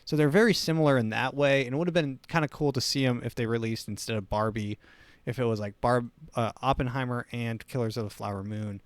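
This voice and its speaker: A man's voice: mid-range voice, fairly even intonation, brisk, no echo. A man hosting a casual solo talk show, rambling with many restarts. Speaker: host.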